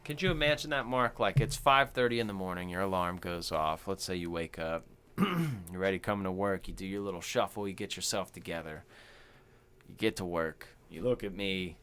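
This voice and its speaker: An animated man co-hosting a relaxed podcast chat. His pitch swings widely as he talks, and he breaks into voices for the people he quotes. He leans on "like" and "dude". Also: moderate pace, clear, resonant tone. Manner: animated storyteller who acts out quoted voices; says "like" and "dude" a lot. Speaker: podcast co-host. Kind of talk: casual chat.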